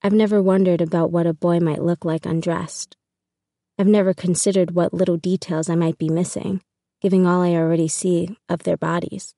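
Low, mellow woman reading an audiobook. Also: little pitch movement, normal speed, vocal fry, no room sound, clean studio sound. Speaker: audiobook narrator. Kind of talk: first-person audiobook narration.

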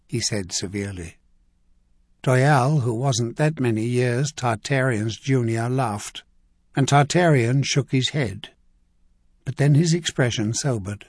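A man reading a fantasy audiobook as narrator, in steady scripted narration. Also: mid-range voice, measured pace, slightly rough, no echo, studio quality.

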